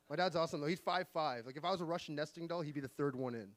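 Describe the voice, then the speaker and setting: A man in his forties doing an open-mic stand-up set, delivering deadpan one-liners with sudden pitch jumps on the punchlines. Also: fairly quick, slight background noise. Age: 40s. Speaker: stand-up comedian. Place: live comedy venue.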